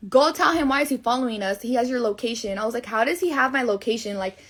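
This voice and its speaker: A woman's voice: a little high, quick pace. Blunt, swearing young woman ranting. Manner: blunt, swears a lot, rambling. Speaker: livestreamer. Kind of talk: ranting story to viewers.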